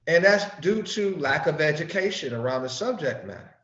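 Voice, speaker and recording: Male Sunday school preacher, slow and emphatic, lively swinging pitch, roomy muffled recording. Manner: slow, emphatic preaching with sudden rises and soft drops. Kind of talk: sermon-style scripture teaching.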